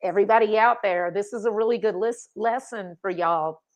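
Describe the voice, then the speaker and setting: A woman's voice: medium pitch, a little fast. Agreeable woman hosting a podcast. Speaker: podcast host. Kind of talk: casual interview chat.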